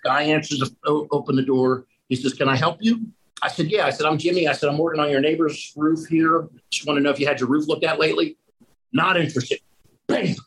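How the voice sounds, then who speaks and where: A man, a roofing contractor, telling lively stories in a casual conversation and acting out the people in them. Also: fairly high pitch, fairly quick, breathy edge, poor audio. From Pennsylvania. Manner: animated storyteller who acts out the people in his story.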